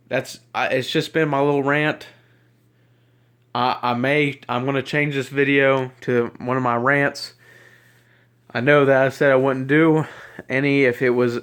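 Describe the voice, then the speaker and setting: A Southern-accented man rants into a handheld camera, upset and agitated. He rambles and trips over his words, repeating them as he goes. His voice sits at an ordinary middle pitch for a man. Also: a bit bright, clean tone. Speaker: YouTuber. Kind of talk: ranting to camera. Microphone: handheld camera mic.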